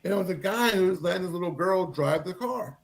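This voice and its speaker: A man from Texas telling a long story in a rambling, animated way, full of fillers. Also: high voice, moderate pace, slight background noise. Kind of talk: casual storytelling.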